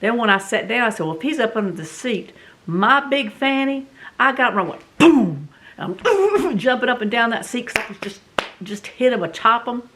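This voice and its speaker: A middle-aged woman with a Southern US accent tells a story in a casual, animated, dramatic way, full of fillers. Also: a little high, normal speed, a little hiss or hum. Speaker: vlog host.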